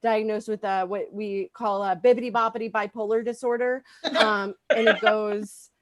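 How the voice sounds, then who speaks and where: A woman's voice: mid-range voice, steady tone, moderate pace, very noisy. A woman doing a stand-up comedy set, rambling with lots of ums and likes.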